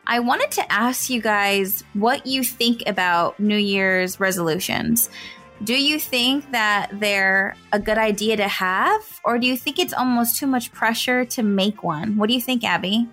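A woman's voice: mid-range voice, fairly bright tone. A woman co-hosting a morning radio show in casual, upbeat chat, with music faintly underneath. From California. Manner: upbeat, chatty, lots of affirming fillers.

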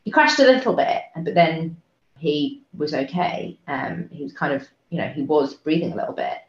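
Woman, low voice, halting emotional storytelling, roomy dull recording. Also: very animated. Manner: halting, many fillers and restarts; soft-spoken, trying to hold it together. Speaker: guest.

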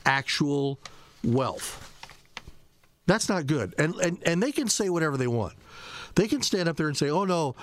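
A man's voice: mid-range voice, no room sound. A man hosting political talk radio, combative and sarcastic, firing off rhetorical questions.

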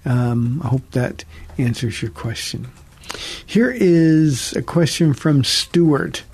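A man's voice: mid-range voice, expressive, slow pace, darkish tone, slightly rough. A man, a pastor, answering listener questions on a radio call-in teaching show in an earnest, conversational way with frequent restarts.

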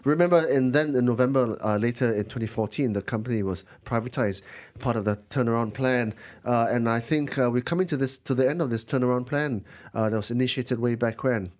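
A man co-hosting a morning business radio programme. He talks loosely and with humour, pausing on fillers as he works through the figures. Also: medium pitch, darkish tone. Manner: chatty, jokey, many fillers. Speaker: radio show co-host. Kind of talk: business news radio chat.

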